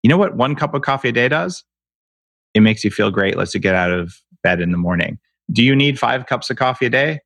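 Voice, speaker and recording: A man's voice: medium pitch, animated, a little fast, creaky, fairly bright tone, dry recording. A man talking emphatically in an interview, ranting with rhetorical questions. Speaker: guest expert on health. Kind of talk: animated interview talk.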